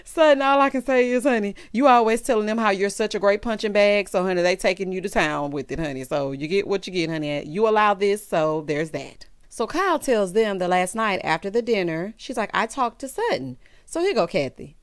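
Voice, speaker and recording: Sassy woman vlogger recapping reality TV with big, bouncing intonation and loud laughter. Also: medium pitch, a little fast, hardly any pauses, smooth. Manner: sassy and animated, keeps saying "honey" and "child", breaks into loud laughter. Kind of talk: casual recap commentary.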